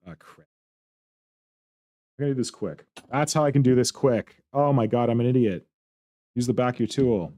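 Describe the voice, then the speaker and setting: A man's voice: mid-range voice, measured pace, pauses often, mellow, no echo. A man streaming his hobby sculpting, talking to himself in short, casual remarks as he works. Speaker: miniature terrain sculptor streaming his work. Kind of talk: casual running commentary while working.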